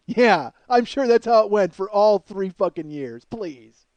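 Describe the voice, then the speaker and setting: A man hosting a comedy podcast, riffing through a profane, animated monologue. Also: sits high, a little slow, no room sound, muffled recording.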